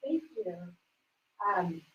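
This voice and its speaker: A woman's voice: on the low side, very animated, very slow, highs cut off. A woman working at a hotel, speaking politely and friendly in a short exchange at the door. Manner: polite, friendly service talk. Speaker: hotel staff member. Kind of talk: brief doorway exchange. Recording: distant, echoey, noisy.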